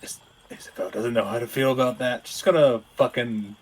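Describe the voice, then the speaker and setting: A man from Canada playing a tabletop game, rambling and halting, with casual swearing. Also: mid-range voice, breathy edge, rough recording. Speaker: player.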